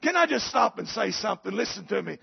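A male preacher with a gravelly voice, telling a folksy story in a sermon that builds to shouted preaching, in a church. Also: sits high, sing-song, fast talker, dull audio.

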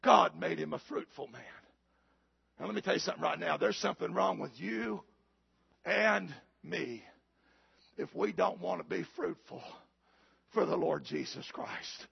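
Gravelly preacher man who shouts. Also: a little high, measured pace, long pauses, no room sound, lo-fi sound. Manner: preaching with sudden shouted climaxes and call-outs to the congregation. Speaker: pastor. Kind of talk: sermon.

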